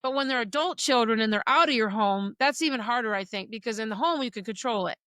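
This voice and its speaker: A woman's voice: on the high side, lively intonation, fast talker, pushed and bright, no room sound. A middle-aged woman co-hosting a faith podcast, speaking earnestly and emotionally about parenting. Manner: earnest, emotional at times, uses quoted dialogue. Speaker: podcast co-host. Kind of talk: personal faith talk.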